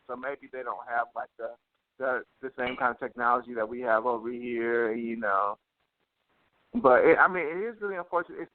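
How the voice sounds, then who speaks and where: A man co-hosting a casual podcast, swearing freely and leaning on "like" as he tells an animated story. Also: medium pitch, no echo. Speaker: podcast co-host. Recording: tinny phone-line sound, dry.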